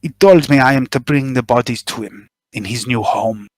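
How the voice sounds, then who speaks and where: A man's voice: medium pitch, a little mellow, no room sound, close to an everyday voice. A man doing a nervous middle-aged smuggler who stumbles through his confession, justifying every step in a plain middle-range voice. The sound is dry and close, with no room in it. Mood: uneasy. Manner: halting, eager to justify himself.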